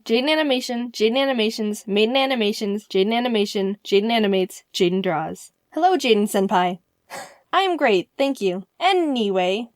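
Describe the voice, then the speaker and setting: A young woman narrating a funny personal story in a vlog, animated and quick to laugh, acting out the lines she quotes. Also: on the high side, dry recording, clean studio sound.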